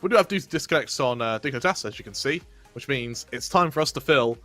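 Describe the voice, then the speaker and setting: Bright-voiced male esports analyst. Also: medium pitch, expressive, faint music behind. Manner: quick analytical, laughs easily. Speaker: esports caster. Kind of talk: live esports analysis commentary.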